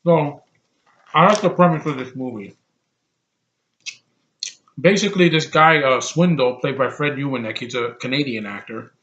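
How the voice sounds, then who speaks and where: A man with a medium-pitched, somewhat bright voice, heard through a muffled recording, gives a casual, rambling movie review. He is blunt and opinionated, swears freely, and speaks haltingly, tripping over many fillers and restarts.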